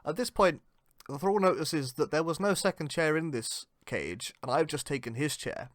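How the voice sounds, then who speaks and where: In a clean studio recording with no room sound, a man with a fairly high, fairly bright voice and lively intonation plays a tabletop game at a moderate pace. He jokes around and laughs often.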